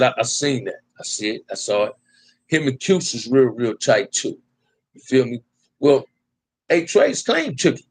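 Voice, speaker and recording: A man's voice: mid-range voice, no room sound, poor audio. A man from Compton hosting a casual live stream, reading viewer comments and answering them in laid-back, slang-heavy talk that keeps ending on "man". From Compton, California. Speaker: livestream host.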